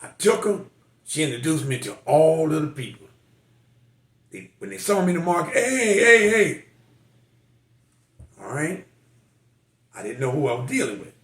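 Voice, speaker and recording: A man's voice: on the high side, lively intonation, fairly quick, pauses often, darkish tone. Older man telling stories, echoey room. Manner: folksy, emotional storytelling with quoted voices. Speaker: military veteran telling life stories. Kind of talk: personal storytelling.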